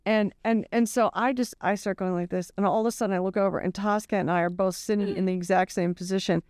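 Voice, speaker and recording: Candid, animated older woman novelist. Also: medium pitch, fast talker, clean tone, dry recording, studio quality. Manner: animated, candid, swears freely, laughs at herself. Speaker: novelist guest. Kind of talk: casual interview chat.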